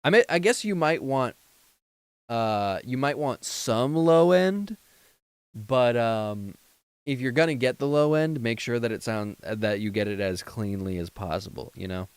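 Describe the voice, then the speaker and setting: Tired late-night streamer, man, lowish smooth voice, rambling feedback, close dry mic. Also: lively intonation, measured pace, no echo. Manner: rambling, full of fillers and restarts, gives mixing tips. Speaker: streamer reviewing a viewer's song. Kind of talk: casual feedback chat on a livestream.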